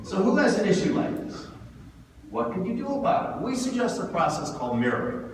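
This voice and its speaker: A man giving a lively seminar talk, asking the audience questions, recorded from far off in a hall. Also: extremely high pitch, fast talker, a little hiss or hum. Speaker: speaker.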